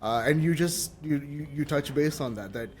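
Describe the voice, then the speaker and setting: A man's voice: on the high side, moderate pace, a little hiss or hum. A man hosting a podcast interview, enthusiastically affirming his guest and ending points with a questioning "right?". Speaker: podcast host. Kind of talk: casual interview chat.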